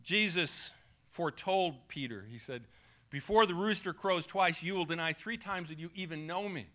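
A man's voice: on the high side, normal speed, pushed and bright. A male pastor preaching a conversational sermon, acting out quoted voices.

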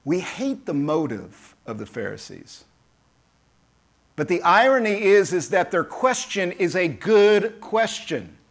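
A man preaching a sermon as pastor, lively and emphatic, acting out quoted voices and calling on the congregation. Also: high voice, slow pace.

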